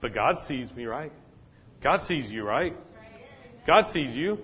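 A man's voice: medium pitch, expressive, slow pace, slightly rough. Man preaching in an echoey hall. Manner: repetitive, call-and-response preaching. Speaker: pastor. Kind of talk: sermon. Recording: dull, echoey hall sound.

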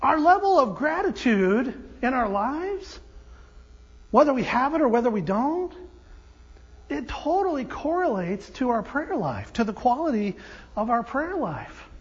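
High-voiced pastor man cracking jokes in his sermon, dull sound, long church echo. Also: a little slow, husky. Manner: animated, joking storyteller with restarts. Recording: dull audio with long hall reverb.

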